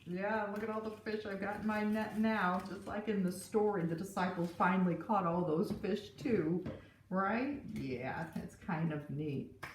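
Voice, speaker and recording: A woman teacher reading a picture book and a Bible story to children in an animated storytelling way. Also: mid-range voice, a little slow, a little hiss or hum. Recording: roomy, from a distance.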